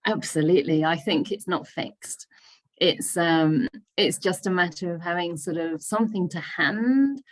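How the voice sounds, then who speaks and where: A Buddhist nun leading a discussion group over a video call, answering questions in a thoughtful, laughing way. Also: female voice, fairly low pitch, a little slow. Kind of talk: casual teaching discussion.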